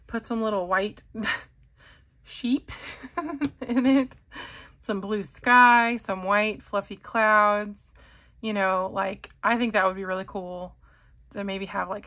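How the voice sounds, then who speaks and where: A woman's voice: medium pitch, fairly bright tone. Chatty woman rambling with many ums. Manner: rambling, self-correcting, giggly, with many ums. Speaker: fountain pen channel host. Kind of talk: casual chatty Q&A.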